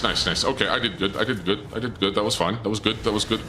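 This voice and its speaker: A man's voice: fairly low pitch, steady tone, fast, over music. A male streamer chatting casually to his viewers and muttering self-critically while he plays a game. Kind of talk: casual gameplay commentary.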